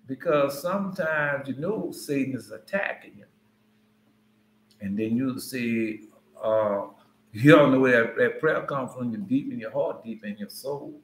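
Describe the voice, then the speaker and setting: A man's voice: medium pitch, expressive, slow pace, long pauses. A man giving an informal Bible teaching in a conversational, rambling way with frequent asides. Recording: roomy echo.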